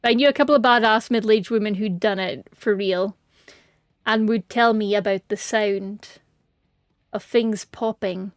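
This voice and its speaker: A woman's voice: mid-range voice, measured pace, dry recording, studio quality. A woman chatting casually and rambling playfully on a game stream, giggling often. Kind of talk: casual gaming stream chat.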